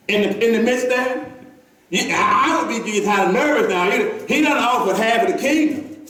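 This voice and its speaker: Animated preacher in an echoey church. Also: male voice, high voice, distant mic. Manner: conversational preaching, calls to the congregation, many repeats. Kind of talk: sermon. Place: church sanctuary.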